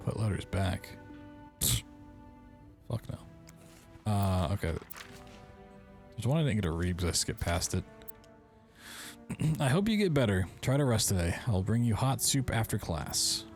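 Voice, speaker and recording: A man's voice: on the low side, sing-song, measured pace, long pauses, over music. A man hosting a game playthrough, reading in-game letters aloud and breaking off with wry, joking asides. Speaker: gaming video host.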